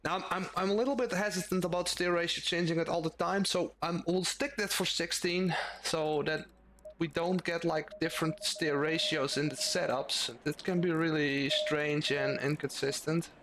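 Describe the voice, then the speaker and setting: A man's voice: fairly high pitch, fairly even intonation, moderate pace, fairly bright tone, a little hiss or hum. A young man streaming a sim race, thinking aloud casually as he drives and tunes his car setup. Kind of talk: live-stream commentary while driving.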